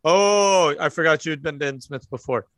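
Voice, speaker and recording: A man running a tabletop horror game as game master, in relaxed, halting narration with many fillers. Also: a little high, dry recording, studio quality.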